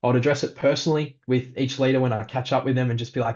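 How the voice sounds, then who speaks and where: A male pastor, giving a practical leadership talk in a relaxed, conversational way with frequent ums. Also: mid-range voice, very fast, hardly any pauses, dull audio.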